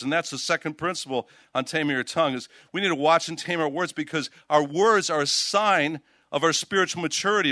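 An older male pastor preaching with animated emphasis, his voice bright and forceful. He sits a little high for a man and reads scripture aloud between stories. The sound is close and dry. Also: no room sound. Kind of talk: sermon. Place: outdoors.

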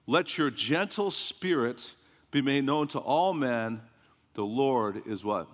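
A pastor giving an emphatic sermon, repeating refrains and asking the congregation questions. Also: male voice, mid-range voice, lively intonation, slow. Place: church sanctuary. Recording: long reverb of a church hall.

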